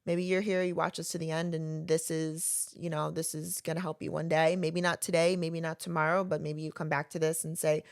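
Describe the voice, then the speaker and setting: Low, gravelly woman chatting on a podcast. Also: little pitch movement, fairly quick, hardly any pauses, no room sound, studio quality. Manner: earnest, personal, speaks to the viewer directly. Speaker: podcast host. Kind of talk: casual podcast chat.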